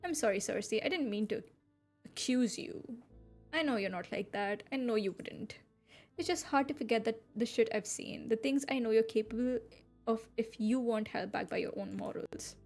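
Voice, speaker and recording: A woman reads aloud as a teasing, guilt-prone young man who needles his vampire friend about her drinks, his lines sitting fairly high. Soft music plays underneath, and he keeps his voice light and conversational. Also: normal speed. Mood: apologetic. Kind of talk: reading game dialogue aloud.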